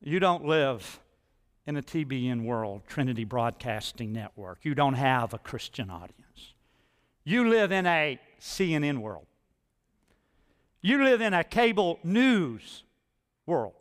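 A male pastor preaching a sermon in a church, moving between quiet asides and loud, rising declarations. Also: a little high, very animated, a little slow, in a large hall. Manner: dynamic preaching, swinging from soft asides to loud climbs. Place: church sanctuary.

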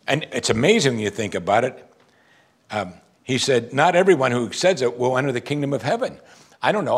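A man preaching a sermon, asking rhetorical questions and reading scripture aloud. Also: husky. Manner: animated, rhetorical questions, rises in pitch for emphasis.

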